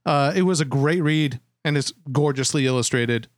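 A man's voice: a little high, moderate pace, no echo, studio quality. A man co-hosting a comic book podcast, chatting casually about his picks. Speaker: podcast co-host.

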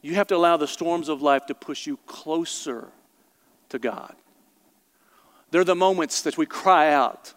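Preaching to the congregation in a big church hall where a long reverb tail trails his words, a male pastor with a high, slightly bright voice repeats and stresses phrases with passion. He speaks at normal speed with lively intonation and long pauses.

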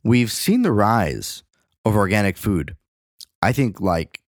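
A young male host who talks in long, rambling runs, swearing often. His low voice swings widely in pitch. The sound is dry and close. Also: slow, no echo. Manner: rambling, profane, animated. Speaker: podcast host. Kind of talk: casual chat.

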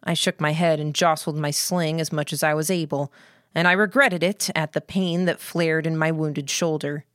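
A woman reading a novel aloud in a steady, even storytelling manner. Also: low-pitched, normal speed, no room sound, studio quality. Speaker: audiobook narrator. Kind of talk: scripted narration.

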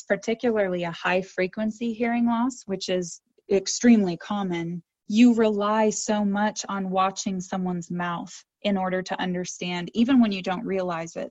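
A woman audiologist answering interview questions, explaining hearing care in a calm, informative way. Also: mid-range voice, dry recording, muffled recording.

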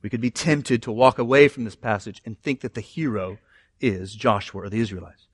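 A man preaching a sermon in an animated way, moving between loud emphasis and quiet asides. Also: lowish voice, fairly quick, slightly rough, dry recording. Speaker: pastor.

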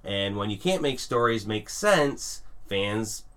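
A man's voice: lowish voice, lively intonation, takes it slowly, fairly bright tone. A man co-hosting a podcast in casual chat, talking in an opinionated, ranting way. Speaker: podcast co-host.

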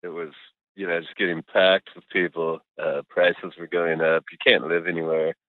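This middle-aged man's voice sits low, with little pitch movement and a moderate pace. A musician guest in a relaxed call interview, he rambles with plenty of fillers and occasional swearing. The line is tinny, phone-like, and dry.

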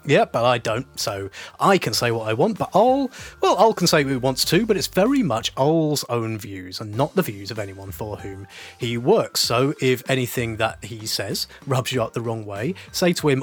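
A man's voice: medium pitch, sing-song, normal speed, husky, faint music behind. A man co-hosting a casual comedic podcast, wry and teasing in a mock-formal way. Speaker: podcast co-host.

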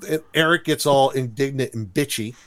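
With a mid-range, somewhat bright voice at an ordinary pace, this podcast co-host recaps a cartoon in easygoing conversation. His retelling is full of laughter and goofy quoted voices.

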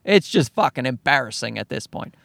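A man's voice: mid-range voice, brisk, vocal fry, no room sound, studio quality. A man telling a story as a rambling, profane rant into a microphone in his car in a parking garage. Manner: profane, animated, self-interrupting.

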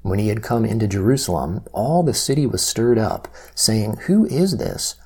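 A man reading Bible passages aloud in a steady, measured way, with quoted lines lifted slightly. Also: lowish voice, husky. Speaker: Bible reader.

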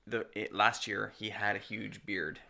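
A man with a gravelly voice talks casually with friends on a podcast. His tone is bright and edgy, and he teases the others as he tells stories from a film shoot. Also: on the low side, fairly even intonation, measured pace. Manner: joking, teasing. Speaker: filmmaker.

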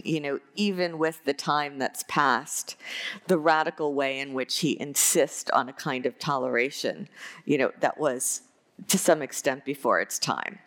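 Woman lecturer, lowish voice, expressive when quoting texts, casual fillers. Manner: animated reading of quotations, frequent "um" fillers. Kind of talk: university lecture.

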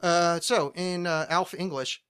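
A young man chatting on a podcast, his voice a little high and very bright. He rambles, jokes and restarts his sentences often while talking about a TV show. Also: steady tone, measured pace, smooth. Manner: rambling, joking, many restarts. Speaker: podcast co-host. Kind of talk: casual chat about a TV show.

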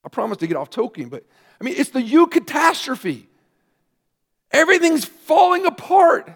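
A man, a pastor, preaching a sermon earnestly, with emphatic rising questions and quieter asides. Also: extremely high pitch, wildly swooping pitch, moderate pace.

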